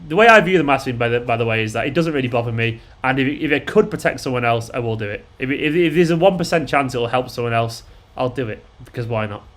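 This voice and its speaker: A man's voice: medium pitch, fast talker, hardly any pauses, a bit bright. Bloke chatting on his stream, sweary, rambly, lots of ums. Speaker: fan channel host. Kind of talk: casual live-stream chat.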